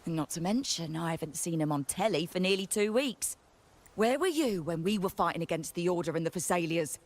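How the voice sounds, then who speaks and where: A stern game character, clipped and businesslike, lowish voice. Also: female voice, animated, brisk. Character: stern, composed woman official, curt and unimpressed. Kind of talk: video game voice acting.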